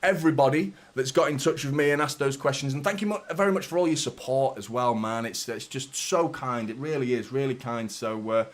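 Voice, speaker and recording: A man's voice: mid-range voice, a little fast, few pauses. A man, hosting his football fan channel in a rambling, chatty way. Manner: chatty, rambling, repeats "do you know what I mean". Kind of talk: casual vlog chat.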